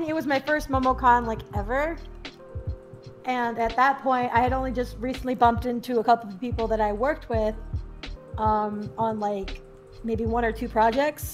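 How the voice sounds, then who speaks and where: A bubbly young woman with a high voice tells stories on a podcast, giggling as she goes and acting out what other people said. Soft music plays faintly behind her. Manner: bubbly, giggly, acts out quotes in a higher voice. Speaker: podcast guest. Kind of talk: casual storytelling chat.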